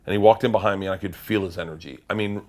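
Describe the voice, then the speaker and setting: A man, a comedian guest in an interview, telling a long, profane story in a rambling, animated way and laughing at himself. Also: low voice, racing.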